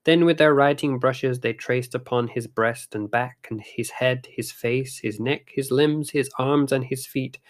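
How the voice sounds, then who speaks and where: Man narrating a ghost story. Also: mid-range voice.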